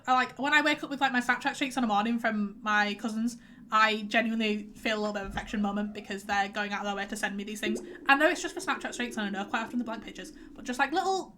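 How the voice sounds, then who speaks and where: Fast-talking bright young woman streamer. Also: mid-range voice, slight background noise. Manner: rambling, chatty, many um fillers, reads out chat messages. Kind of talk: casual chat while streaming a game. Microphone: headset.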